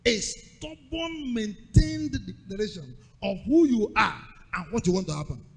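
A man's voice: sits high, big pitch swings, measured pace, vocal fry, breathy edge, in a large hall. A man preaching a sermon with rhythmic call-and-response repetition and emphatic delivery.

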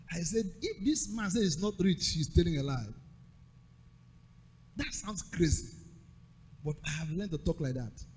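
A man's voice: sits high, warm tone, breathy edge, long reverb tail. A man preaching a sermon with rhythmic call-and-response repetition and emphatic delivery.

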